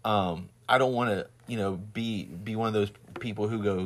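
A man's voice: fairly low pitch, moderate pace, hardly any pauses, a little hiss or hum. A man with a Southern twang in casual chat, rambling with many restarts and laughing often as he tells stories. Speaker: husband and father.

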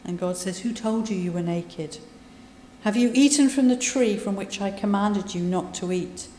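A woman's voice: mid-range voice, moderate pace, warm tone, a little hiss or hum. A woman giving a conversational sermon, retelling scripture with asides. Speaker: preacher. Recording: echoey hall, voice from a distance.

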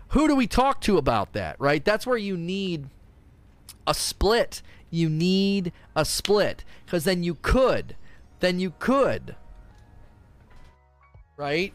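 Man, gaming streamer, casual rambling chat, slightly high voice, faint music underneath. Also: expressive, unhurried. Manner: rambling, restarts often, acts out voices mid-rant.

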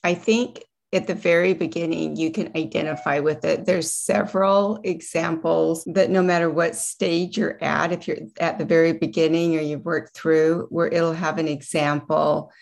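A middle-aged woman with a fairly low voice speaks earnestly and emphatically. She reads passages aloud with real feeling and comes back to her own view in a casual, heartfelt way. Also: fairly even intonation, normal speed, creaky, few pauses. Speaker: guest, project director and coach. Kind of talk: casual talk with read passages.

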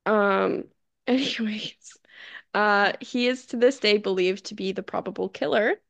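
Creaky, gravelly voice from a woman co-host telling a true-crime story in a loose, chatty way. The sound is dry and close, with no room echo. She stumbles over unfamiliar names and laughs them away. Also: medium pitch, a little slow, a bit bright. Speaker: podcast co-host. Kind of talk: casual true-crime chat.

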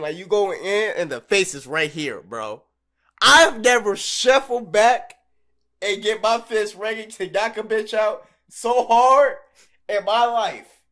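Animated, swearing young man telling stories. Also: sits high. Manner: animated storyteller, swears freely, laughs often. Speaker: podcast co-host. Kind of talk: casual chat.

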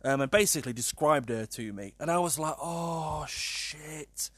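A man's voice: medium pitch, animated, fast, dry recording. A British man, around his thirties, tells a personal story in a rambling, self-deprecating way, full of "um" and "kind of". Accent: British English.

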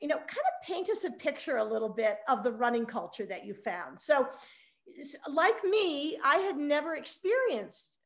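An older woman hosting an interview, calm and measured, asking questions and adding short affirmations. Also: high voice. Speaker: host.

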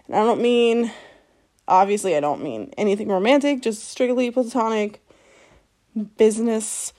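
A woman's voice: fairly high pitch, animated, normal speed, long pauses, a little mellow. A woman hosting her own podcast, ranting bluntly and profanely at her listeners, scolding them and laughing between lines. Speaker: podcast host. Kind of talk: solo podcast rant.

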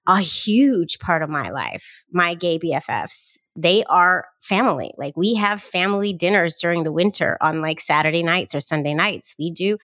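A woman's voice: fairly low pitch, expressive, normal speed, hardly any pauses, fairly bright tone, dry recording. A woman hosting a podcast, bubbly and effusive, talking close to the mic. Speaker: podcast host. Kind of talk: enthusiastic podcast interview.

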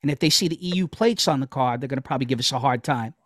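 A man's voice: mid-range voice, rapid-fire, a bit bright, no room sound, studio quality. A man co-hosting a casual chat podcast, telling rambling stories with plenty of swearing. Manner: rambling storyteller, swears freely. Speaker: podcast co-host.

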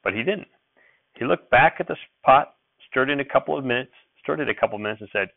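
A man reading a novel aloud in steady narration, with small slips and self-corrections. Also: mid-range voice, fast, vocal fry, dry recording. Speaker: reader. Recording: dry, thin phone-like sound.

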